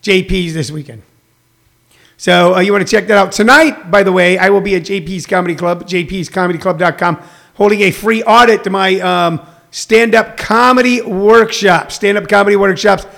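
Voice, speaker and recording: A man's voice: high voice, normal speed, creaky, a bit bright. A man in his sixties, a comedian hosting a rambling casual livestream, reading viewer comments and plugging shows. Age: 60s. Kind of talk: casual chat. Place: home.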